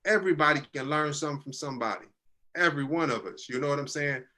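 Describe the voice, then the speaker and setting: A man's voice: on the high side, quick pace, pushed and bright. A man in his thirties earnestly telling a personal story in casual conversation, growing teary-eyed as he speaks. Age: 30s. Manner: earnest, conversational, drops into quoted voices.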